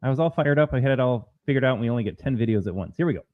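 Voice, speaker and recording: A man's voice: medium pitch, lively intonation, very fast. Man co-hosting a political stream, argumentative, muffled lo-fi audio. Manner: emphatic, argumentative. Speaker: co-host. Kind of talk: political commentary show.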